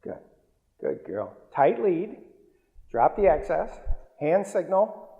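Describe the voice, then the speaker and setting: Male dog trainer, unhurried, gravelly, barks crisp commands and coos praise, reverberant hall. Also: high-pitched, warm tone, highs cut off. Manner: short firm commands, cooing praise to the dogs. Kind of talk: hands-on training demonstration. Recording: long reverb, roomy hall.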